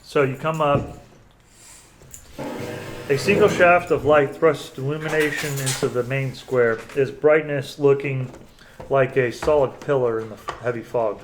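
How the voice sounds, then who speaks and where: A man's voice: mid-range voice, steady tone, measured pace, slight background noise, low-quality recording. A man narrating as game master in a tabletop game, casual and stumbling a little over his words.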